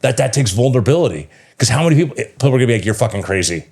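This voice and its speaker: A man's voice: medium pitch, expressive, very fast, darkish tone, husky. A man in his thirties, a yoga teacher and coach, talking as a podcast guest, telling a personal story with passion and plenty of swearing. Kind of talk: casual podcast conversation.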